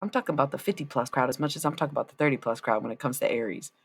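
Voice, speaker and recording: A woman's voice: a bass voice, racing, vocal fry, slight background noise. A woman in her thirties chatting casually and profanely on a tarot livestream. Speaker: tarot-reading streamer.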